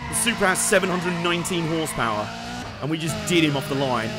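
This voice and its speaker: A young man giving casual, jokey gameplay commentary, laughing often, swearing, and bursting out excitedly. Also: on the high side, fast talker, loud music behind the voice. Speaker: let's play host.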